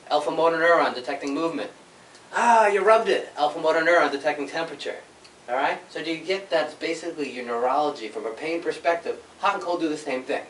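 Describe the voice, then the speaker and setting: A male chiropractor explains things to a small group in a loose, chatty way, tagging "all right?" onto his points. His voice sits somewhat high and comes from across a reverberant office room. A faint hum of room noise lies behind him. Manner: conversational, keeps checking in with "all right?" and "right?"; animated storytelling with sound effects. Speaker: chiropractor giving a workshop. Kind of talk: informal health workshop talk. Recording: echoey room, mic at a distance.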